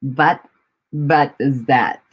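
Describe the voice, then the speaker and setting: A woman's voice: a bass voice, fairly even intonation, drawn-out words, slightly rough. A woman hosting a casual livestream chat from home, laughing often, swearing freely and rambling with restarts while she greets and answers viewers. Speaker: livestream host.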